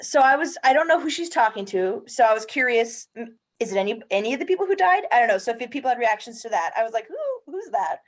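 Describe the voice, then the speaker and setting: A woman at a video-call book club asks her questions hesitantly, stopping and restarting as she looks for the right words. Her voice sits a little high for a woman. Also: lively intonation, fast talker. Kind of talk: casual video call discussion.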